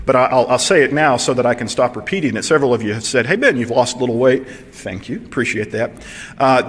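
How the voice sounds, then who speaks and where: Pastor from preaching in a hall. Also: male voice, mid-range voice, fairly bright tone. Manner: conversational, asks the audience questions. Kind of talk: sermon. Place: church.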